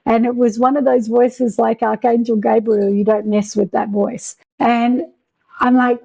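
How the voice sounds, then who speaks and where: Gravelly-voiced woman telling her story. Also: fairly high pitch, level tone, measured pace, rough recording. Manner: earnest, reflective storytelling with soft laughs. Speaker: interview guest. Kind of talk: recounting a near-death experience.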